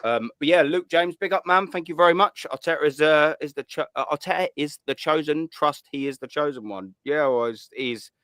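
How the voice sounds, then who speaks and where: A man's voice: on the high side, a little fast, few pauses, a bit bright, smooth, no echo, studio quality. A man hosting a live call-in stream, talking in blunt, laddish banter full of swearing. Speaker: host of a call-in show. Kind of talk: casual live stream chat.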